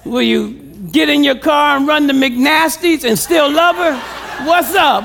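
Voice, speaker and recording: A man's voice: extremely high pitch, a little slow, vocal fry, a bit bright, a little hiss or hum. A male pastor preaching a sermon with humor, calling out questions to the congregation.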